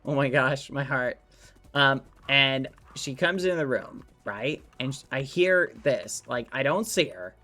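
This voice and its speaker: A male streamer chatting loosely over his gameplay, with a voice of middling pitch. He tells a story in a rambling way, full of fillers. Soft music plays faintly underneath. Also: expressive, unhurried. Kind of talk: casual gameplay stream chat. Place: home room.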